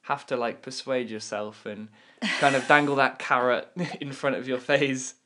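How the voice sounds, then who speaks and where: A man's voice: medium pitch, steady tone, moderate pace, pushed and bright. A young man from Dorset with a slight West Country accent, hosting a language podcast in friendly, teasing chat with his mother. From Dorset, England. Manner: friendly, teasing questions, easy laughs. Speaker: podcast host. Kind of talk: casual chat.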